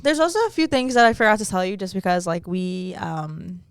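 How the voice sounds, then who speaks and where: Woman co-host, mid pitch, lively swooping voice, smooth, laid-back and teasing, dry close sound. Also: a little fast, no room sound. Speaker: podcast co-host. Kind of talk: casual chat.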